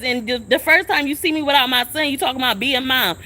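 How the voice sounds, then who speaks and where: A young woman's high, sharp voice, lively in intonation, drives a phone live stream rant outside a shelter. She talks fairly quickly with few pauses, swearing, picking a fight and repeating the same questions.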